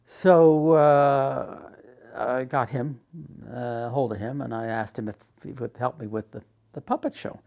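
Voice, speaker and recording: An older man casually telling a memoir story, unhurried with frequent "uh" fillers. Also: medium pitch, fairly even intonation, vocal fry, a little mellow, lo-fi sound. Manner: unhurried storytelling, many "uh" fillers, acts out quoted dialogue. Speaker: storyteller recounting his life.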